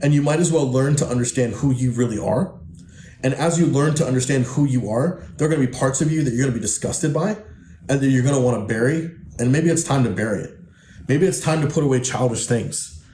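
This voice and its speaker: A man's voice: mid-range voice, a little fast, dark tone. A man hosting a podcast, speaking bluntly and emphatically with frequent profanity, coaching men in a preachy way. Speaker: podcast host and men's coach. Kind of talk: podcast monologue. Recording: echoey room, faint noise.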